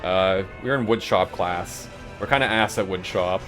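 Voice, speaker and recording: Over music, a low-pitched man at a moderate pace tells meandering school stories as he plays a game on stream. He's casual, laughs a lot, and fills his talk with "like."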